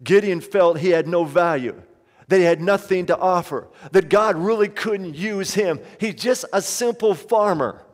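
A man's voice: high-pitched, unhurried, in a large hall. A man preaching a sermon as pastor, pleading and impassioned, acting out the voices of the people in his story.

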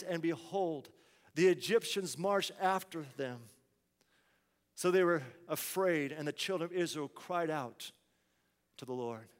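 A man's voice: a little high, big-room sound. A man preaching a sermon, asking the congregation rhetorical questions and acting out people's complaints.

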